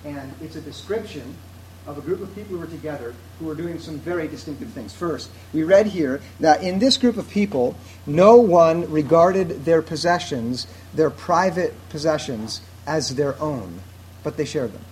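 A man preaching a sermon to a seated congregation, in a measured, conversational way that puts questions to his listeners. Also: a little high, darkish tone, recorded from a distance. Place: church hall with seated congregation. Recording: echoey room, faint background noise.

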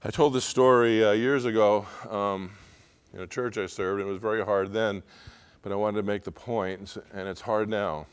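A middle-aged male pastor preaching a sermon, earnest, moving between quiet confiding talk and loud, emotional pleading. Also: lowish voice, fairly even intonation, moderate pace, clear, resonant tone.

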